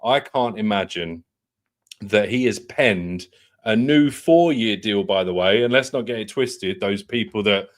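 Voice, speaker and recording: A man co-hosting a casual football podcast, chatty and quick to laugh. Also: on the low side. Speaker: co-host.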